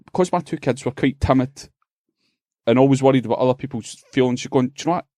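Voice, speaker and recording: Animated, sweary Scottish man telling stories. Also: medium pitch, fast, no room sound, clean studio sound. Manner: animated storyteller, swears freely and acts out voices. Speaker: podcast co-host. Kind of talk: casual comedic chat.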